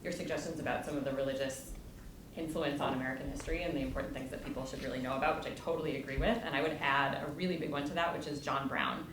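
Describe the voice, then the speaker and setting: Very low-voiced woman, far off in an echoey hall. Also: racing. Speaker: audience member asking a question. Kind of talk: audience question at a lecture. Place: college lecture hall. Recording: distant, echoey, noisy hall mic.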